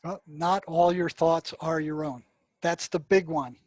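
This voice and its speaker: A man's voice: fairly high pitch, fairly even intonation, a little slow, a little mellow, dry recording. Older man, dry emphatic storyteller. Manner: emphatic storyteller, many "I mean" and "you know" fillers. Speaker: guest, retired mental health practitioner. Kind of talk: storytelling interview talk.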